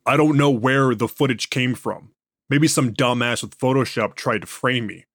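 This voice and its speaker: A man's voice: mid-range voice, moderate pace, fairly bright tone, no room sound, studio quality. A man doing a foul-mouthed defensive prisoner. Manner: blunt and swearing. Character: defensive, profane male prisoner under interrogation.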